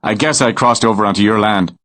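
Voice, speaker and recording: A man voicing a curious American writer with a wry, relaxed manner and an American accent. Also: fairly low pitch, brisk, lightly acted.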